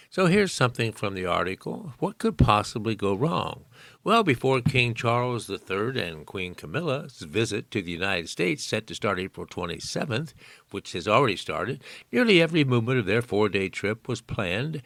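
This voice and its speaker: A man's voice: on the low side, big pitch swings, moderate pace, vocal fry, a bit bright, no room sound. A man, a volunteer reader in a studio, reading news articles aloud with folksy asides of his own. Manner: folksy, aside-prone, amused.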